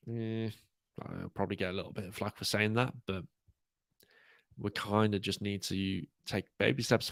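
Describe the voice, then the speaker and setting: Guy hosting a fan podcast, kinda low voice, dry sound, lots of ums. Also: no room sound. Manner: relaxed, rambling, many ums. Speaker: podcast host. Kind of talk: casual podcast chat.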